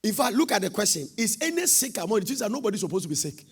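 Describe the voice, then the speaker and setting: A man with a Ghanaian accent preaching a sermon with fervor, shouting and half-singing his lines and swinging his pitch widely. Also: sing-song, racing, slightly rough. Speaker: prophet preaching.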